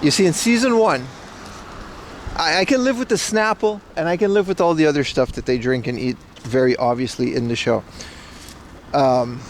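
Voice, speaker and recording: Man, high voice, IRL streamer, rambling chat, answers viewers, outdoor stream, faint street noise. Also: moderate pace. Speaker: IRL livestreamer. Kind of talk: casual walking livestream chat.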